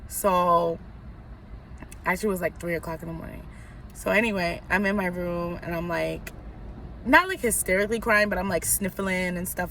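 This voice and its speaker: A woman's voice: lowish voice, moderate pace, vocal fry, fairly bright tone, slight background noise. A young woman from New York vlogging a personal story in a casual, rambling way, full of likes and you knows.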